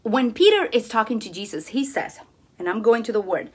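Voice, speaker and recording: A woman with a high, bright-sitting voice talks through a casual craft tutorial and a devotional, full of enthusiastic exclamations. She sounds eager and expressive, as if chatting with friends. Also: brisk, husky. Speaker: crafting vlogger sharing a devotional.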